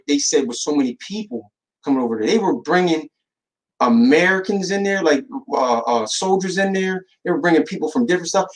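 Guy ranting on his podcast, kinda high voice, slangy, keeps restarting and repeating words. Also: low-quality recording. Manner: animated, repeats words, many fillers and restarts; colloquial street slang. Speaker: podcast host. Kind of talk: casual monologue.

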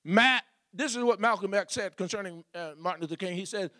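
A man's voice: high voice, brisk, a bit bright, no room sound, studio quality. A man preaching a sermon as pastor, building repeated refrains and asking the congregation questions.

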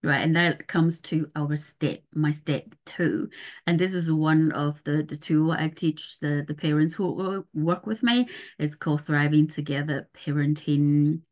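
Parenting coach, middle-aged woman, somewhat low voice, talks listeners through things step by step. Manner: explains step by step, checks in with "right?". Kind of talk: podcast explainer.

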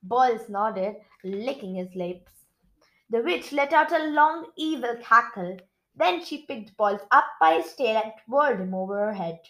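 A woman reading a children's storybook aloud, expressive, with chatty asides to listeners. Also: fairly high pitch, moderate pace, low-quality recording. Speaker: audiobook reader.

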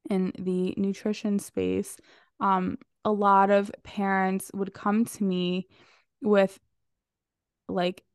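A woman's voice: medium pitch, clear, resonant tone, dry recording, studio quality. A woman dietitian hosting a podcast, asking questions in a supportive, casual way with many fillers. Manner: supportive, lots of um and like. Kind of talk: casual interview conversation.

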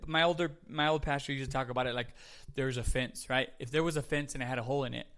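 Bright-voiced chatty male preacher. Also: medium pitch, fairly even intonation, quick pace. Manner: chatty, jokey, self-correcting, laughs at himself. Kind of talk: casual podcast sermon.

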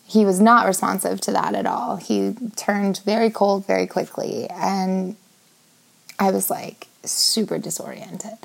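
Woman in her 30s telling her story straight to camera, gravelly fry in her voice, lots of likes and ums. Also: mid-range voice. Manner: candid, swears, many "like" and "um" fillers. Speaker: vlogger telling a personal story. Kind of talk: candid personal storytelling.

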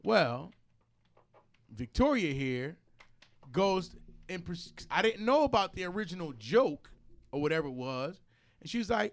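A man's voice: high voice, sing-song, measured pace, gravelly, pauses often. A man hosting a podcast who tells a story in a blunt, profane way and acts out the other people's lines. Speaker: podcast host. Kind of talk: casual chat, storytelling.

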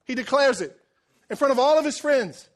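A man's voice: very high voice, animated, brisk. A male pastor preaching a sermon, telling the story with jokes and acting out quotes.

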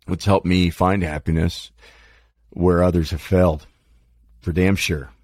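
Gravelly low-voiced man, candid and rambling. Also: steady tone, a little slow, a little mellow, no echo, studio quality. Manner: candid, profane, self-deprecating. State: dry mouth. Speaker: podcast host. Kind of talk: rambling personal monologue.

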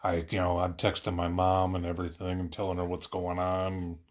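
Deep-voiced man telling an emotional story. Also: monotone, a little fast. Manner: rambling, filler-heavy, earnest. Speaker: husband telling a personal story.

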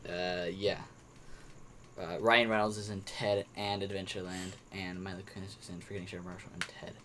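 Against a noisy background, a young man with a deep voice and level tone speaks fairly quickly as a podcast co-host. He chats casually about movies he's watched, rambling along with many restarts and fillers.

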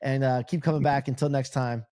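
Fast-talking, laid-back male podcast host. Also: medium pitch, steady tone, dark tone. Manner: laid-back, slangy, enthusiastic. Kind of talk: casual podcast chat.

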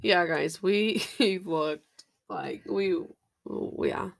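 A young adult woman co-hosting a podcast in casual chat. She is animated and giggly and swears freely. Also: fairly low pitch, drawn-out words, vocal fry. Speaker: podcast co-host.

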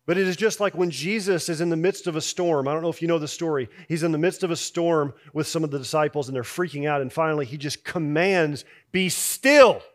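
Higher-voiced man preaching conversationally. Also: fairly even intonation, fast talker, hardly any pauses. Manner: conversational preaching, drops soft on key lines, rises when voicing doubts. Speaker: pastor. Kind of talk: sermon.

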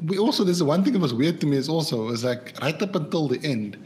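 A man's voice: a little high, lively intonation, fast talker, a little mellow, slight background noise. A man co-hosting a casual movie podcast, rambling with many fillers as he talks. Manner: rambling, lots of fillers and restarts. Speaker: podcast co-host. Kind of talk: casual movie review chat.

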